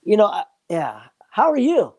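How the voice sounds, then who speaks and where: A man's voice: high voice, wildly swooping pitch, moderate pace, gravelly, darkish tone, breathy edge. An older man joking and rambling profanely as a guest on a live stream, calling in from his phone. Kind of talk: casual live-stream chat.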